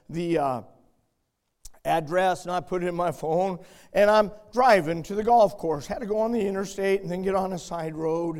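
High-voiced preacher man, storytelling and shouting. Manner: folksy storytelling that rises to loud shouted emphasis. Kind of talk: sermon with personal stories.

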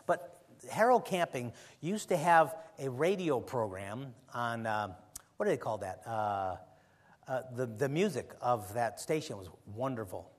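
A man's voice: mid-range voice, expressive, measured pace, in a large hall. A man preaching in a conversational way, emphatic at times and often drifting into rambling asides. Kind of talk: conversational sermon.

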